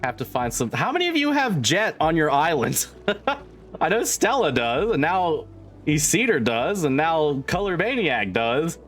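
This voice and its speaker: Over soft background music, a male streamer chats casually with his livestream viewers, swearing freely and laughing often. His voice is a little high, sing-song and a bit bright, with a measured pace.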